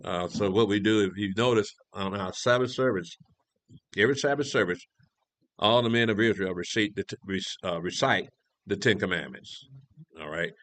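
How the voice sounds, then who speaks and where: This is a conversational scripture lesson from an elder who teaches a prophecy class, reading verses aloud and asking rhetorical questions. He often restarts his sentences. His voice is lowish and a bit bright, at a normal speed, with no room sound.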